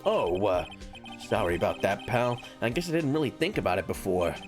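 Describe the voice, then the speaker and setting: A man reading a friendly, gruff male police detective aloud in a chummy manner, for a game playthrough. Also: on the low side, big pitch swings, fairly quick, music in the background, pitched below the performer's own voice. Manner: chummy, calls people pal.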